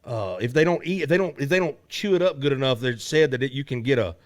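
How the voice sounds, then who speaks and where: A man hosts a podcast in a laid-back, joking way, with a voice of middle pitch. The recording is close and dry, with no room sound. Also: lively intonation, fast talker, no room sound. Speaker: podcast host. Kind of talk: casual podcast chat.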